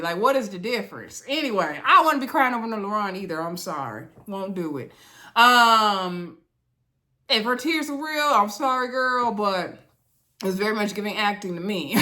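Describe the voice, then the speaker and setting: A woman casually recapping a reality dating show, acting out the cast members' lines and laughing as she talks. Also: fairly high pitch. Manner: animated, acts out cast members' lines in quotes, laughs often. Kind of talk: casual chat.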